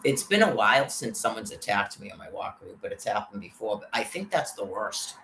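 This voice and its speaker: A woman's voice: very deep voice, big pitch swings, fairly quick, fairly bright tone. A woman vlogger telling a rambling, profane story about being harassed, in an agitated way. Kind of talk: rambling personal rant. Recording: roomy with faint background noise.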